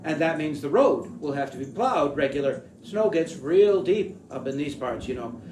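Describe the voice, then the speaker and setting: A man's voice: on the high side, animated, moderate pace, darkish tone, slight background noise, close to an everyday voice. A prim, middle-aged small-town real estate man, as a storyteller puts him on. He talks formally and fussily, counting off his points one after another. The reading has a roomy echo. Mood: fussy. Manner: fussy, formal and long-winded.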